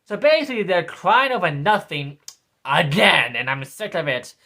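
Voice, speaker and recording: A man's voice: a little high, lively intonation, unhurried, sharp tone. A man in his twenties delivering a sneering, repetitive political rant as a vlogger. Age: 20s. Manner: sneering, ranting, repeats himself.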